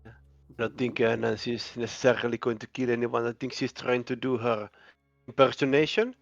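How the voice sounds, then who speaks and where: A man's voice: medium pitch, steady tone, a little fast, creaky, no echo, muffled recording, faint music behind. A man playing a tabletop game, thinking aloud in a tentative way. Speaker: player.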